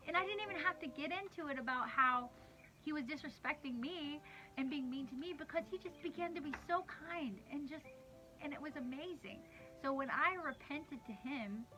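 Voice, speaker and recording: Woman, 30s, slightly high voice, rambling and candid, laughs through her lines, music under her. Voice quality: laughs often mid-sentence, warm and candid. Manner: rambling, conversational storytelling with many restarts. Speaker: worship leader sharing a devotional. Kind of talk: livestreamed church devotional talk.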